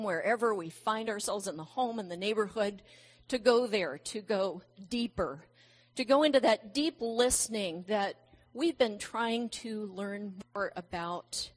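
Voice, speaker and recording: A middle-aged woman with a slightly high voice delivers a sermon without hurrying. She speaks gently and reflectively, drifting into warm personal stories.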